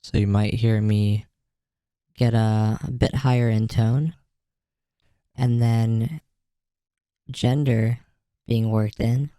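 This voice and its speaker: A young man demonstrating a voice changer that raises his voice, talking slowly and deliberately. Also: steady tone, dark tone, no echo, clean studio sound. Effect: pitch-shifting voice changer raising the voice.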